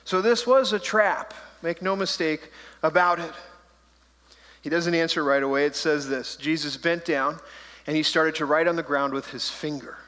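A man's voice: on the high side, normal speed, bright, forceful tone. A man preaching a sermon as pastor, conversational and playful, slipping into joking voices. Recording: long hall reverb.

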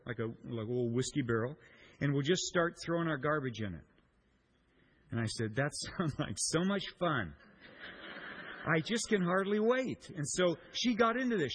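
A man's voice: medium pitch, slightly rough. A middle-aged man, a pastor, preaching a sermon in a church and mixing in a playful personal story with acted-out voices. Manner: playful storyteller, acts out voices and sound effects.

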